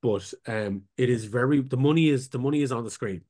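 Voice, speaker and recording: A man's voice: medium pitch, fairly quick, darkish tone, no room sound, clean studio sound. A man co-hosting a podcast in casual chat, rambling and hesitant as he talks. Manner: rambling, hesitant, many fillers and restarts. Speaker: podcast co-host.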